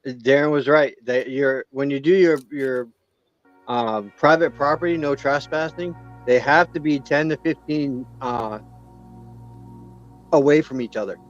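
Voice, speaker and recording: A man's voice: mid-range voice, unhurried, highs cut off, soft background music. A man co-hosting a casual livestream chat, easygoing and chatty. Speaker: livestream co-host.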